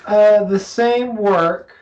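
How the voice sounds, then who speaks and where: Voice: mid-range voice, darkish tone, muffled recording. Hesitant student in an echoey room. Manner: hesitant, halting. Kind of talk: translating in class.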